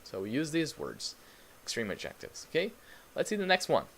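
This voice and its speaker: A man's voice: fairly high pitch, huge pitch swings, moderate pace, gravelly, fairly bright tone, slight background noise. A man teaching English in a live online lesson, patiently repeating words for learners and greeting viewers in the chat.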